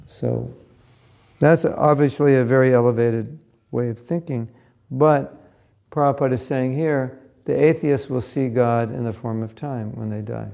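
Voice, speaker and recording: A man's voice: mid-range voice, steady tone, unhurried, creaky, warm tone. A man giving a scripture class in a conversational, storytelling way, sometimes turning to ask his listeners questions. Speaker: class speaker.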